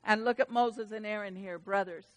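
A woman preaching a sermon to her church, reading scripture and surging from soft asides to loud, fervent exclamations. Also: medium pitch, steady tone, normal speed. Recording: long hall reverb.

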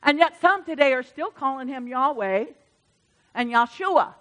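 Bright-voiced woman preaching in a reverberant church. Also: high-pitched, a little slow. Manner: animated, swings from hushed asides to loud emphatic bursts. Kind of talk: sermon.

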